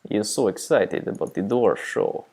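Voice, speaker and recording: A man's voice: on the low side, normal speed, creaky, slightly rough. A man casually chatting and rambling as he hosts a livestream while mixing audio, mocking himself. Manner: relaxed, rambling, self-mocking.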